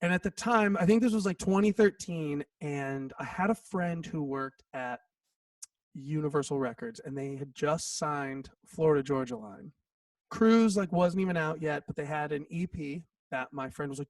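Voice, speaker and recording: A man's voice: fairly high pitch, normal speed, dry recording, distant mic. A man in his thirties, a songwriter guest, telling a story in a casual interview, acting out quotes and saying "like" a lot. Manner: animated, acts out quotes, says "like" often.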